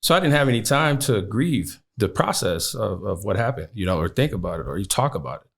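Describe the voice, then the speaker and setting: A man's voice: on the low side, very animated, fairly quick, gravelly. A man in his thirties from Chicago, a podcast guest telling a personal story with many "you know" fillers.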